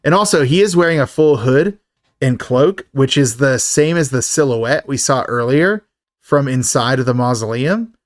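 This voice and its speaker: A man's voice: medium pitch, animated, moderate pace, no room sound. A man co-hosting a podcast, casually recapping a horror film's plot with jokes and fillers. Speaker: podcast co-host. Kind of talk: casual movie recap chat.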